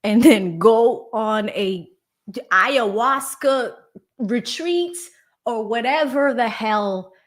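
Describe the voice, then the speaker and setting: Female livestream host, true crime commentary; indignant, emphatic, slow and deliberate delivery. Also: a little high, animated. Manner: indignant, emphatic, talks straight to viewers.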